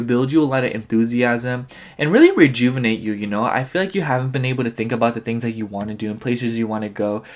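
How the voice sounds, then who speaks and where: A tired man doing a casual pick-a-card tarot reading, rambling and filling his talk with "like" and "you know". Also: medium pitch. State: tired, yawning. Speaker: tarot reader.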